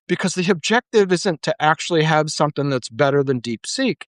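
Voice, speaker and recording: A man's voice: fairly high pitch, animated, brisk, hardly any pauses, no room sound. A middle-aged man hosting a podcast, ranting casually with frequent swearing and fillers. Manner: ranting, profane, full of fillers. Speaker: podcast host. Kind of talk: casual monologue.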